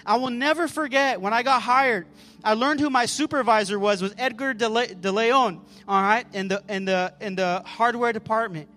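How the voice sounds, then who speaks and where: Fervent high-voiced man preaching. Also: moderate pace, pushed and bright. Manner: fervent, calls out to the congregation; repeats words and restarts often. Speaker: pastor. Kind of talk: sermon.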